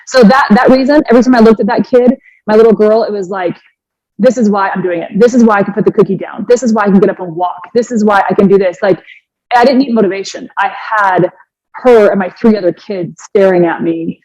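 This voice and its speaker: A woman in her forties, a fitness coach, telling her personal story in an earnest, animated way with many restarts. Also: mid-range voice, brisk, dry recording. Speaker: fitness coach and podcast guest. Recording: dry, slightly dull sound.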